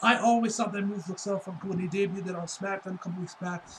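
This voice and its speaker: A man's voice: high voice, steady tone, fast talker, a little hiss or hum, rough recording. A man giving a casual spoken review, ranting heatedly with lots of swearing and a loose, rambling delivery full of "like.". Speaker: wrestling reviewer.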